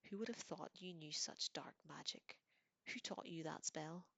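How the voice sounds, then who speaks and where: Woman doing a stern cold male teacher, clipped and quiet, low voice, dry close sound, storybook. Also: unhurried, gravelly, no room sound, heavily acted.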